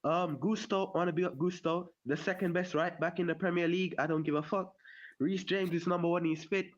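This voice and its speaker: A man's voice: sits high, fairly even intonation, a little fast, dull audio. A man giving blunt, enthusiastic football fan opinions on a call, repeating his praise words. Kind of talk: casual fan commentary.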